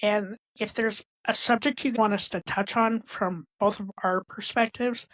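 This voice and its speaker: A woman's voice: mid-range voice, fairly even intonation, a little slow, fairly bright tone. A woman co-hosting a podcast, speaking in a sincere, appreciative way with some fillers. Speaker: podcast co-host. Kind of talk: heartfelt podcast conversation.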